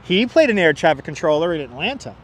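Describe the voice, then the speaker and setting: Man, livestream host, high voice, chatty, joking, calling out flights, clip-on mic outdoors. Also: big pitch swings, quick pace, husky. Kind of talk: casual live commentary. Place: outdoors near an airport. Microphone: wireless clip-on mic.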